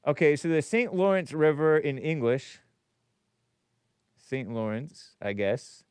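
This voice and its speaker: Male call-in host, clear smooth voice, joking and chuckling, dry close mic. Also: fairly high pitch, expressive, slow pace, a little mellow, no room sound. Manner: joking, chuckles while talking. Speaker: talk show host. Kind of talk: casual call-in show chat, reading viewer messages aloud.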